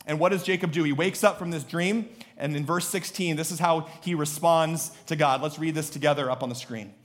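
A male pastor delivers a sermon in an animated, joking manner. His voice sits somewhat high, and his delivery swings into sudden bursts of emphasis. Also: fairly quick, hardly any pauses.

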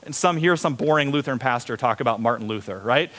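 A middle-aged male pastor preaching a sermon, animated, acting out little voices of the people in his stories. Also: medium pitch, fast talker. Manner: animated, acts out voices of kids and students.

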